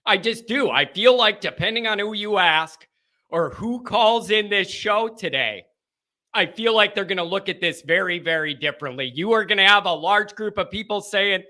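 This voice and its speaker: A man hosting a live call-in sports show, talking loosely and excitedly, thinking aloud between restarts. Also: sits high, moderate pace. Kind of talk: casual live post-game talk.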